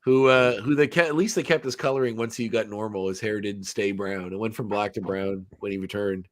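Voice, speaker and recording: A man's voice: fairly low pitch, a little fast, no echo, clean studio sound. A man hosting a podcast in casual chat, rambling with fillers and frequent laughs. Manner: rambling, many fillers and restarts, laughs often. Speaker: podcast host. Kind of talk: casual chat recapping a cartoon episode.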